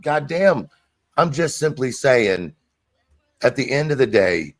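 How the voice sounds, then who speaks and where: An agitated man argues defensively on a livestream, often repeating himself as he gets worked up. The recording is dry, with no room sound, and his voice sits at an ordinary middle pitch. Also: big pitch swings, slow, no room sound. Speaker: streamer in a played clip. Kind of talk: heated live-stream argument.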